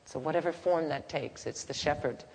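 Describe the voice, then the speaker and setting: A woman teaching in a gentle, unhurried, halting way, softly chanting at times, in a reverberant hall. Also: deep voice, breathy edge. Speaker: spiritual teacher. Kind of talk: devotional teaching talk. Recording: reverberant hall, faint background noise.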